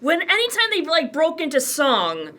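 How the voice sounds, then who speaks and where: A woman co-hosting a casual movie review chat, earnest and quick to agree. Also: high voice, wildly swooping pitch, sharp tone. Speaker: co-host.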